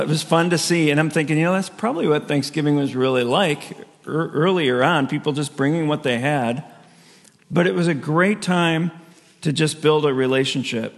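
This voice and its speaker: With a mid-range voice touched by vocal fry, a male pastor preaches by way of relaxed, chatty storytelling, laughing often as he goes. The sound carries the lingering reverb of a big hall.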